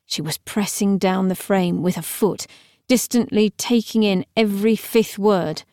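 A woman narrates a novel with wry, even storytelling. Her voice sits in a middle range and is recorded dry and close, with no room sound. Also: mid-range voice, unhurried, dry recording. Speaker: audiobook narrator. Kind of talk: scripted narration.

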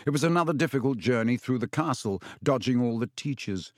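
A man narrating an audiobook in an even, measured storytelling manner. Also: mid-range voice, dry recording, studio quality.

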